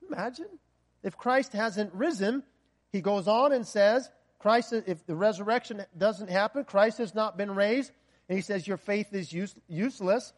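A man preaching a sermon with passion, rising to loud peaks and sinking to a hushed, earnest tone. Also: sits high, measured pace.

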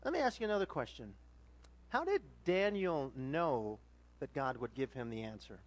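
A man preaching a sermon, animated, swinging between loud exhortation and quiet asides. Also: medium pitch, normal speed.

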